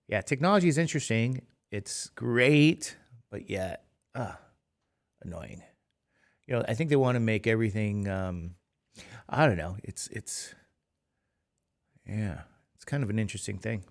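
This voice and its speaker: A man's voice: fairly low pitch, lively intonation, a little slow, long pauses. A middle-aged man teaching math in a casual lecture, tired and rambling, with chatty self-deprecating asides. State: tired, sleepy.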